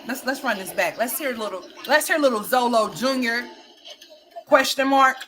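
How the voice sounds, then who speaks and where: Sassy high-voiced woman gossip commentator. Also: moderate pace, fairly bright tone, a little hiss or hum. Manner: sassy, teasing, laughs a lot, calls people girl and honey. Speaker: commentary channel host. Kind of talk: gossip commentary over played clips.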